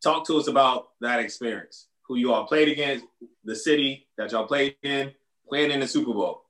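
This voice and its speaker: A man's voice: medium pitch, moderate pace, a bit bright. A man hosting an interview, asking casual questions and laughing along with his guest. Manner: laughs along, short prompts. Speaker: interview host. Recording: echoey room.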